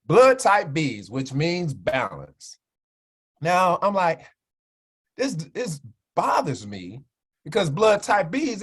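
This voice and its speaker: A man from Chicago, USA, working as a minister and wellness speaker, preaches about health to viewers in a livestream chat. His voice is a little high and slightly rough; he's animated and keeps asking "right?" for agreement.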